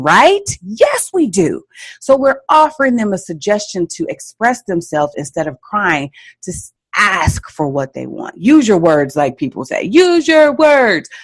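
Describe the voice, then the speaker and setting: Emphatic woman parenting coach, lively pitch. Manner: emphatic, repeats key points with frequent "okay?" check-ins. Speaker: parenting coach and podcast host. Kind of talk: instructional podcast advice.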